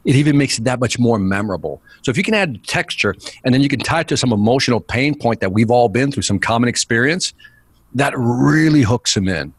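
A sales speaker appearing as a podcast interview guest tells stories with energy, acting out quotes and scenes and dropping his voice for dialogue. He has a husky voice with lively pitch and speaks fairly quickly on a dry close mic with no room sound.

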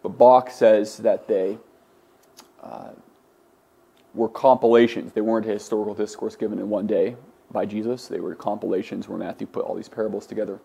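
A man's voice: on the low side, creaky, warm tone, slightly rough. A man teaching a Greek class, lecturing in a conversational way with many fillers and restarts. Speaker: Greek instructor.

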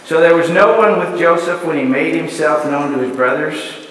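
Male preacher, high voice, heard from a distance in a church hall with long reverb; repeats rhetorical questions. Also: normal speed, fairly bright tone, slight background noise. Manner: repetitive rhetorical questions, building lists. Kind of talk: sermon. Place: church sanctuary.

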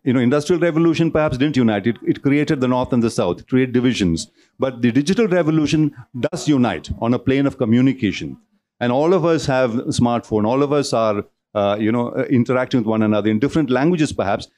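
A man at mid pitch delivers a public talk in a lecture hall. He talks in loose, discursive runs and often stumbles and repeats a word before going on. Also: lively intonation, quick pace, a little mellow. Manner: discursive, with frequent restarts and repeated words. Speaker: speaker at a cultural centre talk.

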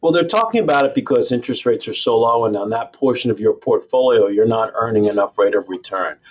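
Husky man with a strong New York accent. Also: medium pitch, animated. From Queens, New York. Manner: measured, explanatory. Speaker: financial planner guest. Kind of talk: interview answers.

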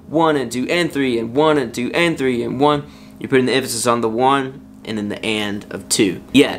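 A man giving a casual worship guitar lesson, counting beats out loud over his strumming. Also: medium pitch. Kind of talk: relaxed guitar lesson with sung examples. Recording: loud acoustic guitar under the voice. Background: acoustic guitar playing.

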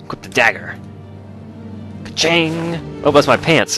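A man giving excitable, joking commentary while playing a video game. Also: a little high, a little slow, long pauses, faint music behind. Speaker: let's play host. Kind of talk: casual gameplay commentary.

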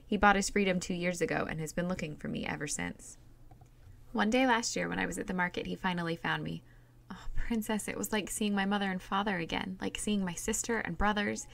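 A woman's voice: medium pitch, a little fast, gravelly, fairly bright tone. A woman reading aloud as a young slave woman who earnestly pleads her case in a storybook. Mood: pleading.

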